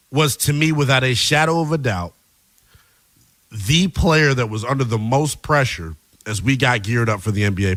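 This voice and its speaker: A male sports radio host talks through the night's games in a loose, slangy, conversational way. His voice sits at an ordinary pitch. The studio sound is dry and close, with no room echo. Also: a bit bright. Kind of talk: casual sports talk show.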